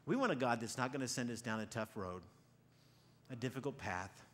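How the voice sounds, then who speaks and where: A man preaching a sermon to a congregation, animated, swinging from loud exclaiming to quiet near-whispers, often repeating words as he starts a phrase. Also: mid-range voice, a little fast. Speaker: pastor. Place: church hall before a congregation.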